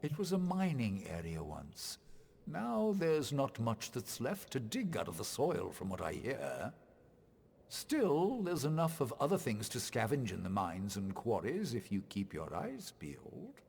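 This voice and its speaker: A creepy traveler trainer in a fantasy video game, speaking in a gravelly, unsettling tone with lots of rise and fall. His voice hangs in a long, echoing reverb, as if heard across a large stone hall. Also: medium pitch, huge pitch swings, measured pace, darkish tone, exaggerated voice. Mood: measured.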